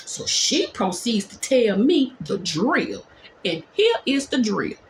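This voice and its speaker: A woman nurse telling a dramatic workplace story in a storytime vlog, talking in quick, animated bursts. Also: fairly high pitch, echoey room, slight background noise.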